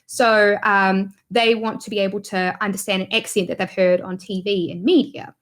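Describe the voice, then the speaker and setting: A woman's voice: medium pitch, fairly even intonation, moderate pace, a bit bright. New zealand woman guest on a youtube interview, casual and chatty, laughs a lot. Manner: chatty, laughs often, many fillers.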